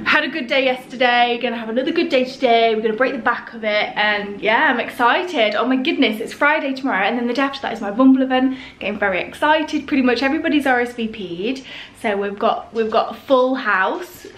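Her voice is a little high, a bit bright, and slightly quick as she vlogs casually at home. The speaker is a British woman in her twenties, informal and candid as she addresses the camera.

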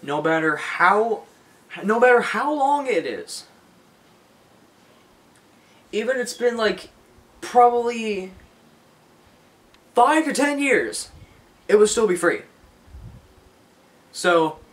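Young male vlogger, fairly high voice, rambling, repetitive, lots of restarts. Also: a bit bright. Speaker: YouTuber. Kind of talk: casual unscripted vlog talk.

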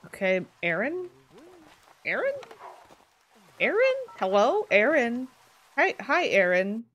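Woman, game streamer, chatty, excitable, lively swooping pitch. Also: slow, highs cut off. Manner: chatty, excitable, laughs often. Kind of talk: casual let's-play commentary.

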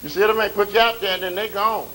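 A male pastor preaching a sermon, drawing out scripture readings slowly and swelling loud, with colloquial asides and questions to the congregation. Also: sits high, rough recording. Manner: colloquial, calls and responses to the congregation. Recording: faint tape hiss.

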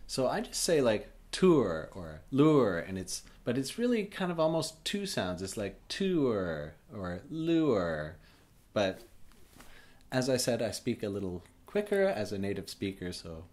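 A man from Canada demonstrates vowels for learners. He talks slowly and draws out each sound. His pitch moves a lot as he models the words. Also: darkish tone. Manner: says words slowly and drawn out, stretches vowels. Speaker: native-speaker pronunciation partner.

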